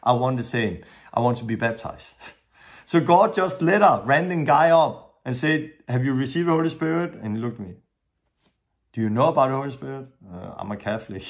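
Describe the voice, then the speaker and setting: Earnest preacher with English. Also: male voice, mid-range voice, fairly quick. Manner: earnest, storytelling, non-native English with grammar slips. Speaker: preacher teaching a lesson. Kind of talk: sermon-style teaching with stories.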